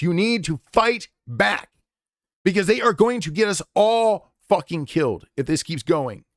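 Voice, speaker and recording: A male streamer in the middle of an unscripted rant, blunt and full of swearing. His voice sits a little high for a man. The sound is dry, with no room echo. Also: fairly bright tone. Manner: profane, impassioned and blunt. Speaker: game streamer.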